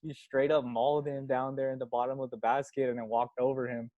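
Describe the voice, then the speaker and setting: An easygoing man tells a story in casual chat and often laughs at himself. His voice has a medium pitch. The sound is close and dry, with no room in it. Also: level tone, fairly quick, no room sound, phone-quality sound. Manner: laid-back, laughs through his stories. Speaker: podcast guest.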